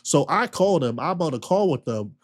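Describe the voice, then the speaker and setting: A man's voice: on the high side, brisk. Slangy man ranting on stream. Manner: slangy, animated, repetitive retelling. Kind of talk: casual storytelling rant.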